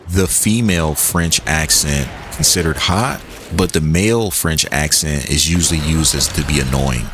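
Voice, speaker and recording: A man's voice: sits low, slight background noise. A young man chatting casually and joking with his chat while he plays a game on a stream. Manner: animated, joking, reads and answers chat. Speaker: gaming streamer.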